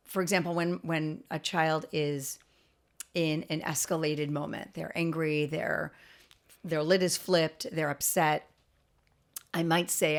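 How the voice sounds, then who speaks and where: A woman's voice: on the low side, fairly even intonation, a little slow, creaky. A middle-aged woman, a guest expert on a podcast interview, explaining earnestly with frequent restarts and light laughs.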